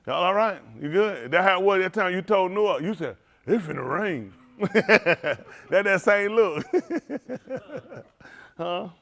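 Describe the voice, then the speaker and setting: A male preacher ribs his congregation in loose, laughing banter. His voice sits fairly high for a man and swings widely in pitch as he teases. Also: expressive, slow pace, fairly bright tone. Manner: playful teasing, laughing often. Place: synagogue hall, livestream.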